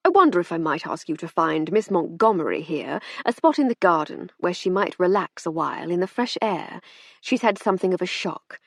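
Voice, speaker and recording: A woman's voice: fairly low pitch, sing-song, brisk, creaky, no room sound, clean studio sound, heavily acted. A woman reading an audiobook, voicing a plain-spoken male police inspector who talks politely and firmly. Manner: polite, firm, patient.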